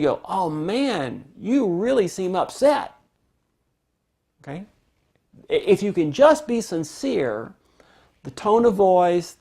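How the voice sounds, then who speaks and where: A man's voice: on the high side, creaky, a little mellow. A man giving an informal parenting lesson, talking conversationally and acting out sample replies to a child. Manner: conversational, restarts phrases, acts out sample replies. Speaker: parenting instructor. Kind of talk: informal instructional talk.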